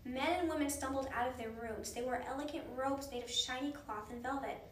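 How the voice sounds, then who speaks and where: A woman reading a children's book aloud in a gentle, expressive way. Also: high voice, fairly quick, reverberant, distant mic, a little hiss or hum. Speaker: reader.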